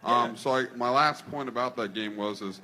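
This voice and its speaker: A man's voice: medium pitch, normal speed, bright, forceful tone. A man rambling through a kickball game recap in a casual podcast chat, with many fillers. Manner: rambling, laughing, filler-heavy. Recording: crowd noise behind.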